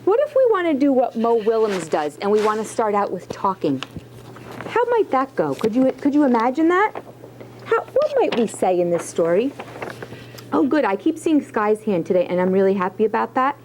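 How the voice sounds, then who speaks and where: A woman's voice: fairly high pitch, very animated, normal speed, darkish tone, slight background noise, low-quality recording. A woman teacher leading a writing lesson, asking question after question and encouraging her students. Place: classroom.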